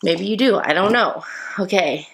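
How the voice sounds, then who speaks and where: Gravelly low-ish woman, excitable unboxing vlog chatter, noisy background. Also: normal speed. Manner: chatty, excitable, talks to viewers. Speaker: toy collector vlogger.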